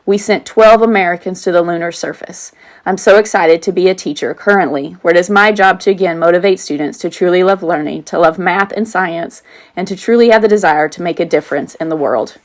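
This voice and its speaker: Teacher lady in her 40s reading her own audiobook, lowish voice, earnest, drifts into little asides. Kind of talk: self-read audiobook narration.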